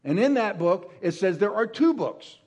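A middle-aged male pastor preaching a sermon, swinging from soft hushed words to loud emphatic ones. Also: sits high, sing-song, normal speed.

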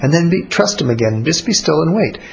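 A man teaching about prayer in a relaxed, conversational way, blunt and colloquial. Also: fairly high pitch, fast, creaky, low-quality recording. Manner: blunt, colloquial, acts out little spoken exchanges.

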